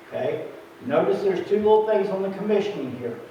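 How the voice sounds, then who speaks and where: A man's voice: sits high, expressive, brisk, warm tone, a little hiss or hum. A man preaching a sermon, full of feeling, acting out the voices of biblical figures and chuckling at his own asides. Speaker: pastor. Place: church sanctuary. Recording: distant, echoey, muffled room recording.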